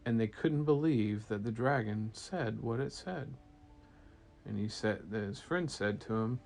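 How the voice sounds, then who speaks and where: Unhurried father telling a bedtime story. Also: fairly low pitch, gravelly, darkish tone, faint music behind.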